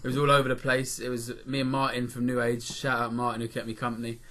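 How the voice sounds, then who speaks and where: A man's voice: medium pitch, completely flat delivery, fast, sharp tone. A man co-hosting a podcast, telling stories in casual chat with a rambling, swearing manner. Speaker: podcast co-host.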